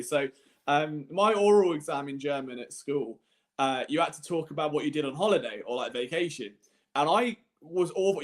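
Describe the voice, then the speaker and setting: Self-mocking young man. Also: on the high side. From England. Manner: self-deprecating storyteller, laughs often. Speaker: co-host. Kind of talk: casual chat.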